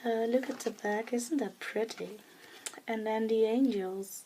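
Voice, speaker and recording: A woman with a Dutch accent, talking softly and hesitantly in a casual show-and-tell vlog, often dropping into a whisper, with many pauses and fillers. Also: a little high, steady tone, slight background noise, rough recording. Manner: soft-spoken, often slipping into a whisper. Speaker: craft vlogger.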